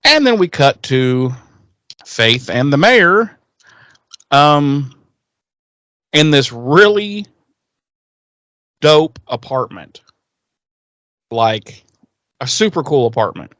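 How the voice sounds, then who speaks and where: A man's voice: mid-range voice, very animated, very slow, long pauses, a bit bright, no room sound. Man, podcast co-host, loose rambling recap with lots of fillers and some swearing; dry, close mic. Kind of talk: casual episode recap.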